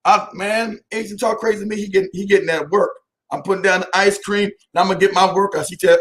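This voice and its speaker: A man hosting a casual live stream, talking to viewers by name, animated and often laughing. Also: sits high, fast.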